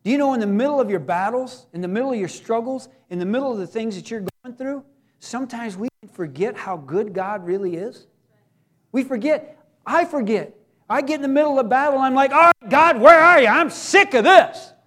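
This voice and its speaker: A man preaching a sermon, talking to the congregation in a conversational way and breaking into loud acted cries. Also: extremely high pitch, brisk. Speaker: pastor.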